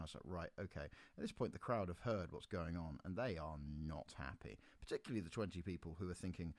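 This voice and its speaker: A man hosting his own podcast, telling a tour anecdote in a casual, animated way and acting out the people he quotes. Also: low-pitched, brisk, no echo. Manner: animated teller, acts out quoted voices. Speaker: podcast host and musician.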